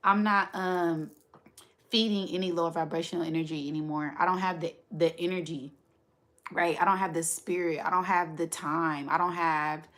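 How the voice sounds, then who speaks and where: A woman's voice: on the low side, fairly even intonation, moderate pace, fairly bright tone. A woman hosting a spiritual livestream, talking casually and animatedly, laughing often and asking right after her points.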